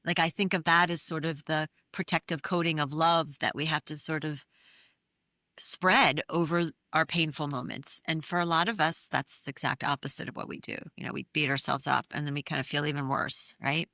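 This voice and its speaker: A woman's voice: sits low, steady tone, moderate pace, bright, forceful tone, dry recording, clean studio sound. A middle-aged woman, an interview guest, telling a personal story in an earnest, candid way with many fillers. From New England. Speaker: interview guest, therapist and author.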